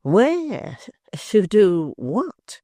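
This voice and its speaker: A reader voicing a sly, smooth-talking male secretary who speaks coldly and slowly, sometimes close to a whisper. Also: mid-range voice, lively intonation, darkish tone, no room sound. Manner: silky, slow and cold, sometimes near a whisper. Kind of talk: audiobook character voice.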